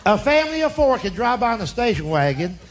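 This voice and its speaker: A man's voice: high voice, sing-song, quick pace. A man, an older stand-up comedian telling folksy stories on stage and acting out relatives in drawling voices. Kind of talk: storytelling stand-up. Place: comedy stage before a laughing audience.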